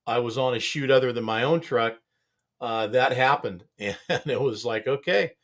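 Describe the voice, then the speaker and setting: A man's voice: mid-range voice, steady tone, moderate pace. A man hosting a casual studio chat show, talking in a rambling, laid-back way and chuckling often. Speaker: show host.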